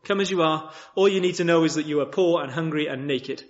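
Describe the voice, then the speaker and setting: A man preaching a sermon in a chapel, with lively rhetorical questions and frequent restarts. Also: a little high, a little fast, highs cut off. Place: church chapel.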